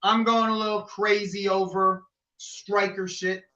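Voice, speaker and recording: Male co-host, agitated football ranter, high bright voice, slightly dull recording. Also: a little slow. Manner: animated, swears a lot, rants. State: agitated, rattled. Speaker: podcast co-host. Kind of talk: casual football chat.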